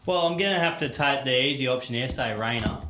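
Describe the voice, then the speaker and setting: A man's voice: medium pitch, fast talker, echoey room, noisy background. A man co-hosting a casual sports podcast, cracking dry, teasing jokes. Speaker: podcast co-host.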